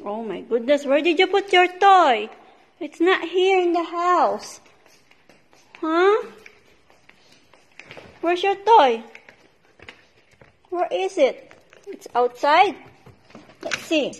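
A woman coaxes and scolds her dogs in a high voice. She talks very slowly, with drawn-out commands and bursts of excited pet-talk. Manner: slow commands, coaxing and scolding. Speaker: vlogger and dog owner.

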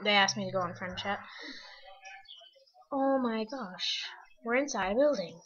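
A young woman chatting excitedly while playing a video game, easily distracted and chatty. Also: mid-range voice, a little slow, a crowd in the background. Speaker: gamer. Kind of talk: casual game commentary. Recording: dull lo-fi mic with game music.

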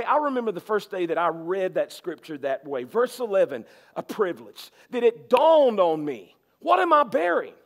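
A male pastor preaching a sermon, emphatic and repetitive, swinging from loud to soft. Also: very high voice.

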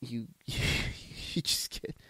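Speaking extremely slowly with a sharp tone, this solo podcast host rants in a blunt, profane way, rambling and restarting often. The recording has no echo.

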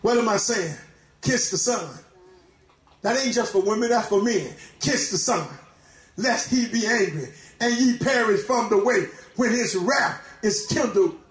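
Pastor preaching, very high voice, shouts and hallelujahs, echoey church. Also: male voice, measured pace. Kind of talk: sermon.

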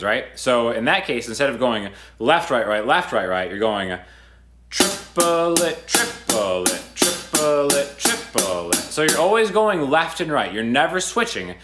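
A man's voice: mid-range voice, fairly bright tone. A man teaching a guitar lesson in a loose, conversational way, counting beats aloud in rhythm. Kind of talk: casual video lesson. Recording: guitar music under the voice. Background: guitar playing.

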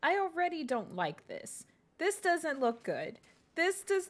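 A woman's voice: very high-pitched, sing-song, unhurried. A young woman streaming a horror game live, scared and jumpy, whispering and then exclaiming as she plays and thanks her viewers.

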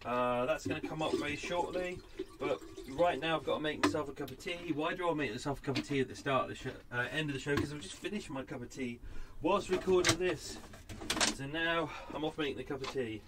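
A man's voice: on the high side, a little fast, heavy background noise. A man hosting an unscripted podcast segment from his boat, chatty, rambling and self-mocking. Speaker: podcast host. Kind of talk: casual unscripted chat. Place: narrowboat cabin.

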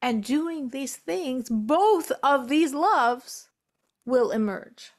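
An American woman teaching a religious class in a lively spoken style, repeating phrases for emphasis and quoting Hebrew. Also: high-pitched, drawn-out words. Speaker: Torah teacher.

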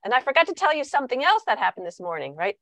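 A woman's voice: sits high, very fast, no echo. A middle-aged woman giving a talk to parents, acting out what children and parents say. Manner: animated, acts out children's and parents' lines. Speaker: parenting author and speaker. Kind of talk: talk to parents with acted-out examples.

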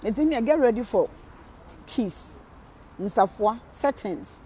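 A woman with a Ghanaian accent giving casual gossip commentary, animated, switching between Twi and English and laughing often. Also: fairly high pitch, slow, background noise. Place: living in Germany.

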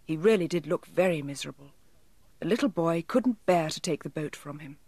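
A woman narrating a children's storybook in a gentle, expressive storytelling manner. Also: sits low, a little fast, breathy edge, dry recording. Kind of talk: storybook reading.

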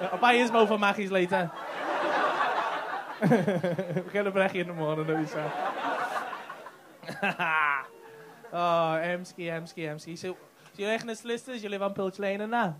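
A man's voice: high-pitched, measured pace, long pauses. A man doing cheeky, sweary crowd work on stage at a comedy club. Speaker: stand-up comedian. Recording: live club recording with crowd noise. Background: loud audience laughter.

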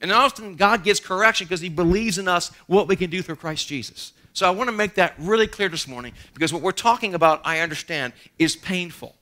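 A man preaching a sermon in a church, animated and joking at his own expense, often restarting his sentences. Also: high-pitched, a little fast, few pauses. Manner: animated preaching with humorous asides and self-deprecating stories; frequent stammered restarts. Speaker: pastor. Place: church sanctuary.

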